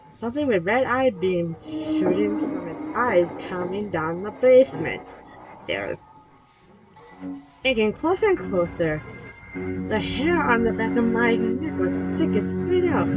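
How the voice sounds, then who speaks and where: A woman reading a spooky children's storybook aloud, animated, teasing her young viewers between pages. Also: mid-range voice, low-quality recording. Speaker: channel host reading aloud. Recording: music playing behind.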